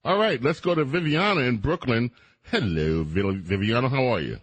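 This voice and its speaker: A man's voice: medium pitch, animated, normal speed, dry recording. A middle-aged man hosting a radio talk show, giving opinionated, emphatic commentary with mocking asides.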